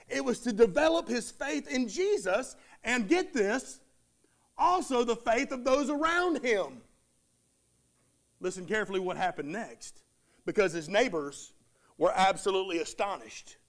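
A man preaching a sermon in a very high voice. He drives his points home with repeated phrases and rising emphasis, now and then acting out the words of the people in his story. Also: animated, measured pace.

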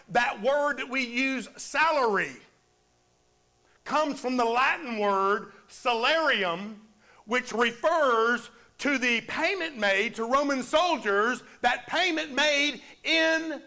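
High, bright-voiced preacher man. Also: slow, creaky. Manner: preaching with call-and-response amens. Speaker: pastor. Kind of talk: sermon. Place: church.

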